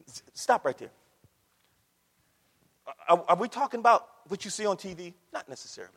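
A man preaching a sermon with fervour, calling out to his congregation and swinging from hushed to loud. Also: high-pitched, expressive, brisk, long pauses, big-room sound. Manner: calls out to the congregation. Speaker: pastor.

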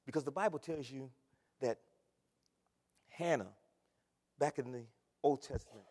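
An older man preaching an impassioned sermon, swinging from shouting to hushed tones. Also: a little high, in a large hall.

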